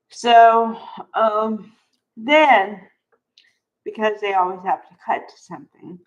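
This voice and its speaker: A woman's voice: medium pitch, highs cut off. A woman casually recapping a soap opera episode, chatty and exclamatory, acting out the characters' lines. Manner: chatty, exclamatory, acts out quotes.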